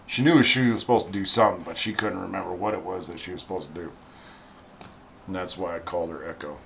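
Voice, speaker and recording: A man casually telling a funny personal story in a wry, animated way, acting out the other people's lines. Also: sits low, fast talker, creaky, a little hiss or hum. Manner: wry, animated, acts out quoted voices.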